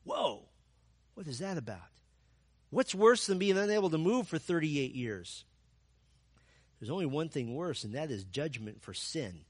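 A man's voice: fairly high pitch, sing-song, a little slow, pauses often, breathy edge, dry recording, studio quality. A man preaching a sermon, telling the story with rhetorical questions and emphatic repetition. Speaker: pastor.

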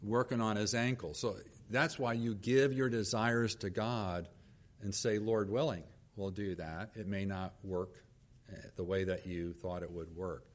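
A man's voice: fairly low pitch, steady tone, a little slow. A middle-aged male pastor preaching, telling a story about his wife and kids and acting out their lines of dialogue. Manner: storytelling, acts out quoted dialogue. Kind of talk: sermon with personal story.

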